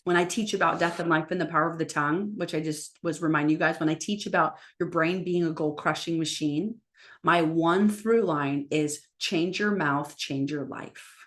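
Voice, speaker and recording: A woman's voice: low voice, moderate pace. A woman coaching public speakers in a live online session, talking emphatically and encouragingly. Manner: energetic, acts out quoted lines in different voices.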